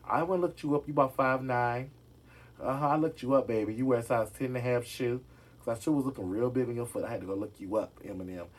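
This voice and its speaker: Sassy husky-voiced man chatting gossip. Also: mid-range voice, steady tone, fast talker. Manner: sassy, talks straight to viewers as y'all. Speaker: gossip vlogger. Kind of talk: casual celebrity gossip chat.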